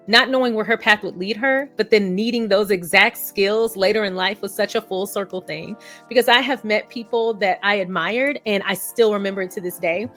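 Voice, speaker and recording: A woman vlogger chats casually with her viewers in a medium-pitched, fairly bright voice. She's candid and talkative, telling stories and poking fun at herself.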